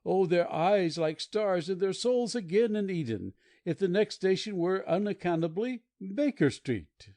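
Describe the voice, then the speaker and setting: A man's voice: sits high, expressive, unhurried, hardly any pauses, mellow, no room sound, clean studio sound. A man voicing a mocking anarchist poet. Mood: declaiming. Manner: grand declamatory speechmaking. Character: male red-haired anarchist poet, mocking and rhetorical. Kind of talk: audiobook dialogue reading.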